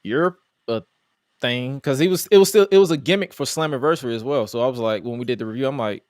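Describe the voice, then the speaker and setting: Animated man hosting a wrestling chat. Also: medium pitch, rapid-fire, no echo, studio quality. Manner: animated, mocking, quotes himself in exasperated asides. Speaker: podcast host. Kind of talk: casual wrestling review chat.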